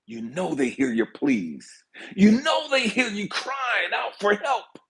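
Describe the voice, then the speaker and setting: A man giving an impassioned spiritual talk, swinging between hushed whispers and shouted pleas. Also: high voice, sing-song, slow, husky. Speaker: spiritual speaker. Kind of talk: impassioned motivational preaching.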